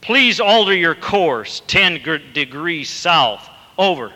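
A man playing a proud navy captain who shouts orders over the radio, in a long-reverb hall. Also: a little high, sing-song, takes it slowly, heavily acted. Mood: formal.

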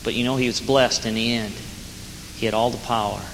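A man's voice: mid-range voice, steady tone, fairly quick. A man preaching an earnest, plain-spoken sermon with rising emphasis, as a jail minister. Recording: hall reverb with faint noise.

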